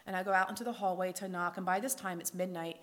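A woman telling a personal faith testimony as a lively storyteller, acting out the dialogue and dropping to a whisper at tender moments. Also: on the low side, fast. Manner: lively storyteller who acts out quoted dialogue. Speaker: speaker sharing her faith testimony.

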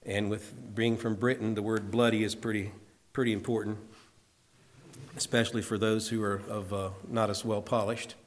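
A man preaching in an earnest, conversational way, telling a personal story and slowing down to stress a point. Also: on the low side, flat delivery. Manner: earnest, conversational, slows for emphasis. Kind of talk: sermon storytelling.

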